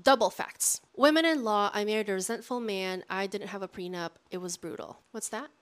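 A woman hosts a dating-advice vlog and delivers it like a casual lecture. Her voice sits at an ordinary middle pitch. She is sassy and direct, coaching her viewers with confidence. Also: expressive, a little fast, smooth.

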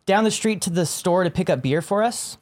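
A woman's voice: lowish voice, fairly quick, a little mellow. A woman chatting casually during a party guessing game, giggly and self-conscious. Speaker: player in a spy guessing game. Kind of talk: casual chat.

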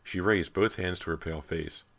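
A man's voice: low-pitched, normal speed, fairly bright tone. A man narrating a horror audiobook in a dramatic storytelling manner. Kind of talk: scripted narration.

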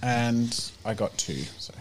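A man's voice: medium pitch, animated, slow, a little hiss or hum. A man playing a tabletop game, chatting casually and joking. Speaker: player.

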